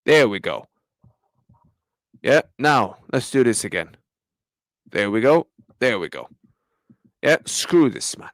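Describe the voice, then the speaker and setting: In this poor-quality, echo-free audio, a football fan channel host rants about a match to his viewers, exasperated and slangy, going over the same points again and again. His medium-pitched voice has a sing-song lilt, moving slowly with long pauses.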